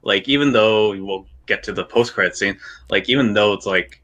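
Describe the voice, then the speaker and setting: Bright-voiced man chatting about a movie. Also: lowish voice, moderate pace. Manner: laughing, acts out his own reactions in quotes. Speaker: guest, martial artist and filmmaker. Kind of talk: casual spoiler review chat.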